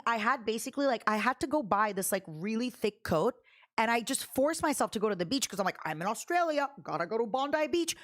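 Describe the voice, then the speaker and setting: Animated woman streamer, chatty and laughing, pitch all over the place. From Canada. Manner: chatty, animated, laughs often, reads chat aloud. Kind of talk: casual livestream chat.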